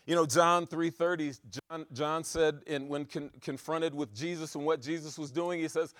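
A man preaching a sermon, swinging between loud exhortation and quiet asides, driving his points home with repeated rhetorical questions. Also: on the high side, fairly even intonation, moderate pace, few pauses, no echo, clean studio sound.

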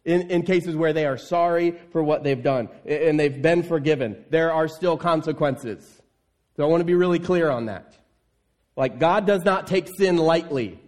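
A man's voice: a little high, normal speed, a little mellow. A man preaching a sermon in an earnest, emphatic way, repeating key phrases. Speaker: pastor. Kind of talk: sermon with scripture reading.

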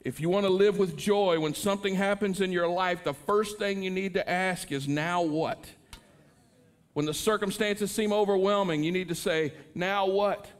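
A man's voice: sits high, steady tone, normal speed. A middle-aged male pastor preaching a sermon in an earnest manner, rising into impassioned pleas.

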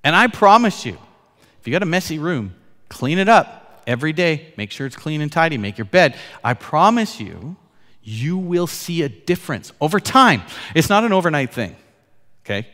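A man's voice: fairly high pitch, sing-song, normal speed. Man, pastor, forties, sermon, raised voice, long reverb of a hall. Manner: storytelling with laughs and swings from loud to soft.

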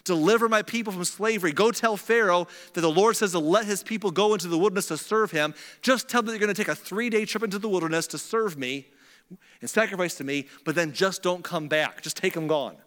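A man's voice: fast talker, a bit bright, long reverb tail. A man preaching a sermon, telling the story in a casual conversational way and acting out the dialogue. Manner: conversational storytelling, acts out dialogue with shifting pitch. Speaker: pastor.

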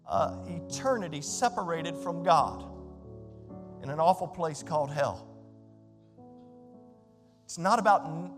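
An older man preaching a sermon as pastor, emphatic and conversational, swinging from hushed to loud with asides to the congregation. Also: on the high side, lively intonation, normal speed, pauses often. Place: church sanctuary. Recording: echoey hall with faint music.

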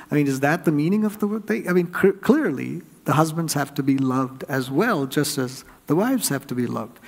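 A man's voice: on the high side, a little mellow. A man preaching a sermon as pastor of his church, talking through rhetorical questions and acting out quoted spouses in a raised voice. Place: church sanctuary.

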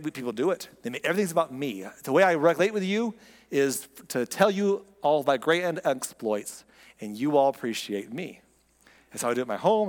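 A man preaching a sermon in a conversational way, often acting out imagined speakers. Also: medium pitch. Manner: conversational, acts out quoted voices. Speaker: pastor. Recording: long hall reverb.

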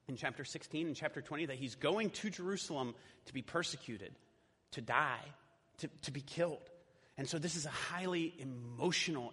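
A man's voice: fairly high pitch, sharp tone, slightly rough. A man preaching a sermon in a church in a conversational way, with casual fillers. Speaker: pastor. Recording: echoey hall.

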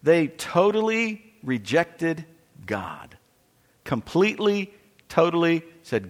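A man's voice: fairly high pitch, sing-song, a little slow, long pauses. A man preaching a sermon, explaining scripture verse by verse and often repeating and restarting his phrases. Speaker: pastor. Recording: long reverb of a large hall.

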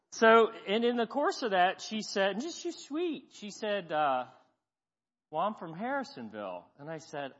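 Folksy fortyish pastor guy telling stories from the pulpit, kinda high voice, long church echo, dull sound. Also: moderate pace, slight background noise. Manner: folksy, self-deprecating, animated when telling stories. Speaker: guest pastor. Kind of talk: sermon with storytelling. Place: church sanctuary.

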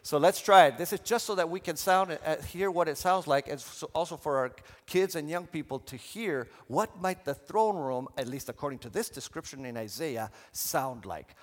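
A man preaching a sermon in a church, animated and leading the congregation in call and response. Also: a little high, normal speed, hardly any pauses, in a large hall. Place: church sanctuary.

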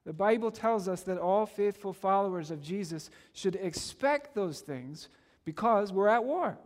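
High-voiced preacher man in a reverberant hall. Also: lively intonation, a little slow, darkish tone. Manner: emphatic, repetitive preaching cadence. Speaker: pastor. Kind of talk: sermon.

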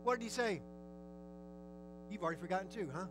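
A man's voice: sits high, brisk, a little hiss or hum, poor audio. A man preaching a sermon, telling the story vividly and asking his listeners questions. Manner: lively, storytelling, asks the audience questions.

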